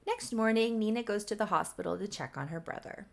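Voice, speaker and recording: Young woman recapping a life-sim story, chatty and quick, gravelly vocal fry. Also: medium pitch. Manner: chatty, quick, offhand asides. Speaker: YouTuber. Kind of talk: casual recap of a Sims story.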